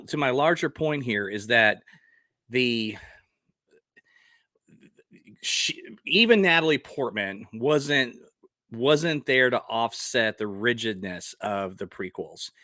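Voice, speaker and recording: A man in his forties vents in a casual vlog, blunt and passionate, and he keeps firing rhetorical questions at his viewers. His voice is bright and forceful, and the sound is dry and close, with little room around it. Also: mid-range voice, no room sound. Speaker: vlogger.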